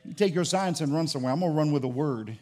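A male pastor preaching a fervent sermon, swinging from loud calls to hushed asides. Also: on the high side, quick pace.

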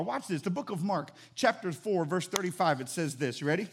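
A man preaching a sermon as pastor, animated and emphatic, repeating phrases for emphasis. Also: high-pitched, fairly quick, a little hiss or hum.

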